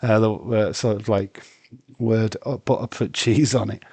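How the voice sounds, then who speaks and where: A man's voice: on the low side, fairly even intonation, unhurried, a little mellow, husky, no room sound. A man hosting a casual livestream, arguing playfully with chat viewers and laughing often. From Britain. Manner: bantering, argumentative, laughs often. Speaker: livestream host.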